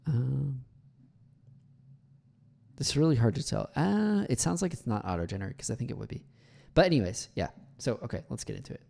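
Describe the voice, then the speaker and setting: A man who teaches English, commenting on a video clip, explaining pronunciation in a relaxed way with many fillers and slow demonstrations of words. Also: mid-range voice, creaky.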